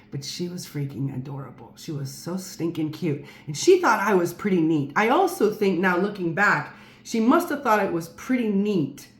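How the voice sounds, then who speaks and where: A woman telling a personal story to camera in a casual, rambling way, with many fillers and restarts. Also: medium pitch. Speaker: storyteller vlogger. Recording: roomy echo.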